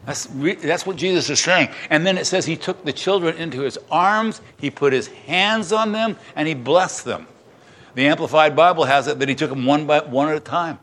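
A man's voice: fairly high pitch, normal speed, a bit bright. An older man, a pastor, leading a sermon and Bible study in a conversational way, with joking asides and digressions.

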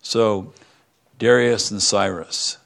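A man's voice: on the low side, fairly even intonation, slow, creaky, fairly bright tone. A man preaching a sermon in a conversational, storytelling way, with joking asides. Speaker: pastor.

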